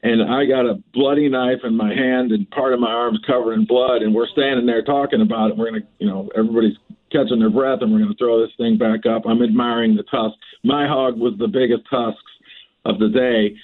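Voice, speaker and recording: A man on a podcast as a guest, telling a lively story, often laughing and restarting phrases. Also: mid-range voice, a little fast. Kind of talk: animated storytelling. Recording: tinny phone-like line.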